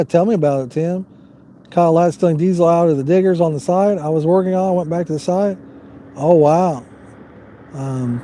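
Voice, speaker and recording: A man runs an outdoor fishing livestream, chatting easily and reading viewer comments aloud. The voice is high-pitched yet dark in tone, with slight hiss or hum.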